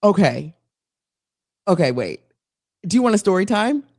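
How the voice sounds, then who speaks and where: On a casual talk show, this woman co-host spins an animated, meandering tale, restarting often and wandering into asides. She speaks at medium pitch and normal speed, in clean studio sound with no echo.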